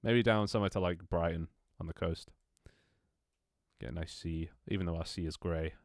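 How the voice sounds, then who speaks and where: Close, dry audio with no room sound captures a young Londoner's very deep, creaky voice as he chats with his stream audience at a moderate pace. His intonation stays fairly even, and he curses casually while stumbling, restarting and laughing a lot.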